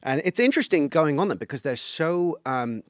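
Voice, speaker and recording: A man's voice: fairly high pitch, sing-song, brisk, dry recording, studio quality. A man co-hosting a movie podcast, talking enthusiastically and analytically about a film. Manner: enthusiastic, analytical, trails off softly. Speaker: podcast co-host. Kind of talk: casual film discussion.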